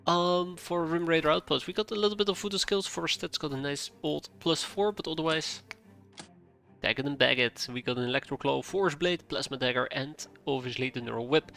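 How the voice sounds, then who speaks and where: A man streaming a strategy game live, chatting casually to himself as he plays, with quick asides. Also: a little high, creaky, fairly bright tone. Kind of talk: casual live gameplay commentary. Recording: faint game music behind.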